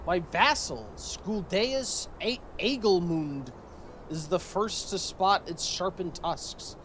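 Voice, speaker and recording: A man's voice: high voice, expressive, slow pace, fairly bright tone, slight background noise, rough recording. A man streaming a strategy game, reading event text aloud and adding joking, sarcastic commentary.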